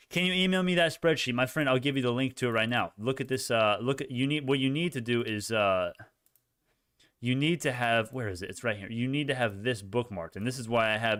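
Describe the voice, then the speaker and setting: A man giving live stock-market commentary, excitable and rambling, with frequent swearing and self-corrections. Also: medium pitch, no room sound, clean studio sound.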